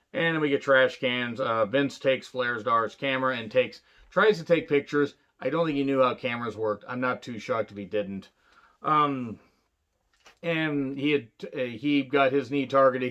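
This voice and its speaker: A man talks through an old wrestling event in a loose, rambling monologue, peppered with swearing and filler words. His voice sits at an ordinary pitch for a man. The recording has a dull, lo-fi quality. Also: a bit bright. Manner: rambling, profane, lots of fillers and asides. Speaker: wrestling reviewer. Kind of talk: casual retro review monologue.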